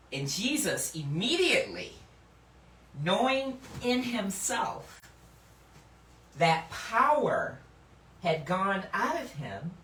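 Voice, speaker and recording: A woman hosting a casual Bible lesson, laughing often and slowing down to read scripture with emphasis. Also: mid-range voice, sharp tone. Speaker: Bible teacher and host. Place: indoor room. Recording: echoey room, mic at a distance, faint background noise.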